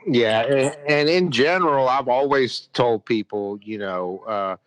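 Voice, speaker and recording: A man's voice: medium pitch, a little slow. A man, a podcast guest in casual chat, giving blunt, emphatic opinions. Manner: opinionated, emphatic, speaks his mind bluntly.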